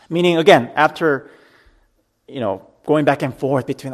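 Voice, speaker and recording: A man's voice: fairly high pitch, moderate pace. A man preaching a sermon to his church, earnest, reading scripture dramatically and talking it through plainly. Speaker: pastor.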